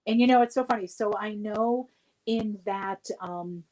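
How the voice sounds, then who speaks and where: A woman's voice: medium pitch, a little slow, darkish tone, low-quality recording. A woman chatting as a guest on a livestream, telling stories with frequent laughter. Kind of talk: casual livestream chat.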